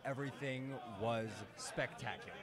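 A hoarse man talks about emceeing the event. He speaks in a flat, even tone. A loud crowd carries on behind him. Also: mid-range voice, normal speed. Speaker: MC guest.

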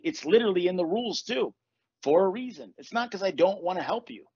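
A man's voice: high-pitched, very animated, quick pace, darkish tone, breathy edge. Blunt, swearing man podcast host. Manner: blunt tough-love talk with swearing. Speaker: podcast host and manifestation coach. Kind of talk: casual podcast chat. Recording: dull lo-fi recording, dry.

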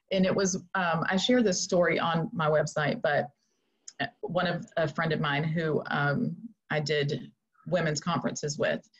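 A middle-aged woman shares a personal story of faith as a podcast guest, earnest and halting. Her voice is low and husky. The audio is dull and lo-fi. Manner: earnest, halting, many fillers. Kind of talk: emotional personal testimony.

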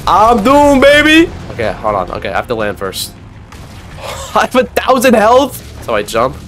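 A young man narrating his gameplay in a loud, excitable, trash-talking way, full of slang. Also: mid-range voice, normal speed. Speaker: gaming video creator. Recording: game music underneath.

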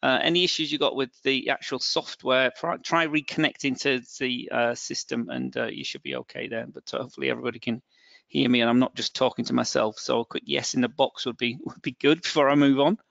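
A man's voice: medium pitch, fairly quick, creaky, fairly bright tone, no room sound. A middle-aged man with a northern English accent presenting a live trading webinar, hesitant and full of fillers and restarts. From England. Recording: dull, dry, lo-fi webinar audio.

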